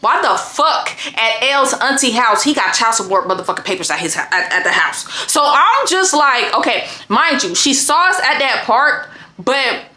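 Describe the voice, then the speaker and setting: Young woman, high bright voice, fired-up cursing storytime, echoey room. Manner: heated, profane, animated storytelling. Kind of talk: casual storytime vlog.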